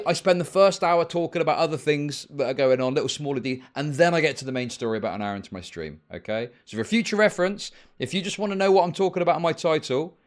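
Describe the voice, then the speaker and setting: A young male streamer with a higher-than-usual voice that leaps up and down as he rants. He talks in a heated, sarcastic way and swears freely. It sounds like live commentary to his viewers. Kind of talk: ranting livestream commentary.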